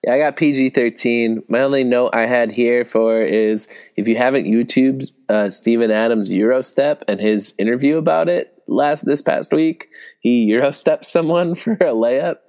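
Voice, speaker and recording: A man of middle pitch co-hosting a sports betting podcast in a loose, joking way. He laughs often and tells quick stories. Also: a little mellow. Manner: joking, laughing at his own bits. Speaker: podcast co-host. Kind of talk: casual chat about sports betting.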